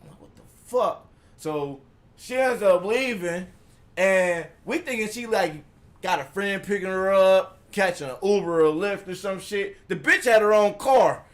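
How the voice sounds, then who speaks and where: Guest storyteller: man, high-pitched voice, animated, profane, casual live-stream telling. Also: a little slow. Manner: animated, acts out quotes, profane.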